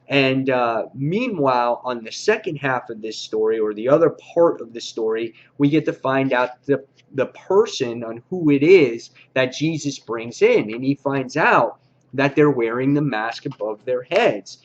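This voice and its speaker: A man's voice: medium pitch, animated, measured pace, dull audio. Casual man reviewing comic books. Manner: casual, many "uh" fillers, loose rambling delivery. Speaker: comic book reviewer, host.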